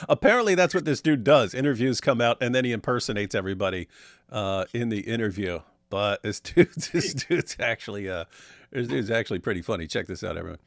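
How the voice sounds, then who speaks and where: A man's voice: fairly low pitch, brisk, creaky, dry recording, studio quality. Amused man laughing through commentary. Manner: amused, laughs often between remarks. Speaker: reaction video host. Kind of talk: casual reaction commentary.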